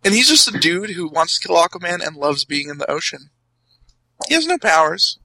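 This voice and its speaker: A young man talks comics on a casual podcast, circling his point with restarts and chuckles. His voice is bright and a little tense, with a gravelly fry underneath. The sound is dry and close. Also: sits high, sing-song, brisk, no echo, low-quality recording. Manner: rambling, many restarts and laughs. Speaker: podcast co-host.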